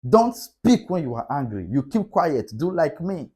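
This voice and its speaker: A man's voice: a little high, sing-song, a little slow, dark tone, breathy edge. A middle-aged man giving a motivational talk on relationships, repeating key points with a preacher-like cadence. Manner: repetitive, emphatic, preacher-like cadence. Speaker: relationship speaker.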